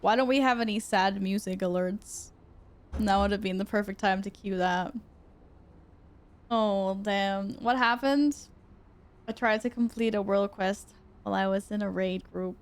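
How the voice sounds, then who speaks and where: A woman's voice: mid-range voice, fairly even intonation, measured pace. A young woman streaming a video game live, chatting with her viewers in an exasperated, self-mocking way. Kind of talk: live gaming stream chat.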